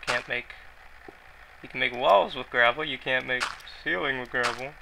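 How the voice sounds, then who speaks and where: A man's voice: medium pitch, normal speed, creaky, sharp tone, slight background noise, low-quality recording. A man giving rambling, self-mocking commentary while he plays a video game, often mumbling to himself. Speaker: gaming YouTuber. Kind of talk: casual Let's Play commentary.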